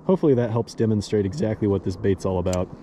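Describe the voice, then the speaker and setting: A man hosting a fishing vlog, talking in an enthusiastic, excitable way outdoors by a snowy stream. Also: fairly low pitch, quick pace, a little hiss or hum. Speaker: fishing channel host.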